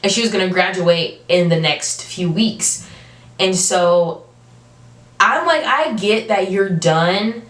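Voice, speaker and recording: A young adult woman telling a storytime vlog, animated and emphatic, with casual slang. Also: medium pitch, takes it slowly. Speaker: vlogger. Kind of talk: storytime monologue. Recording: roomy, from a distance.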